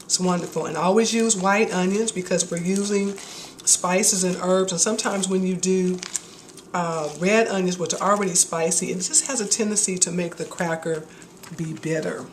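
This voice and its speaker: A woman's voice: fairly low pitch, steady tone, normal speed, a little hiss or hum. A woman hosting a casual home cooking video, chatty and enthusiastic as she demonstrates a recipe in her kitchen. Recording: echoey kitchen with dish clatter.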